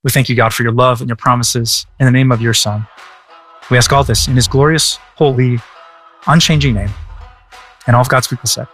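A man's voice: medium pitch, steady tone, a little fast, long pauses, a bit bright, soft background music. A male pastor who prays and then answers a listener's question in a casual way, often stumbling and restarting his words. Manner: casual, many stammered restarts and repeated words.

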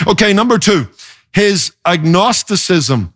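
A male pastor delivering a sermon with a slightly raised voice. He is emphatic and expressive, pushing his pitch up and down to drive points home. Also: a little slow.

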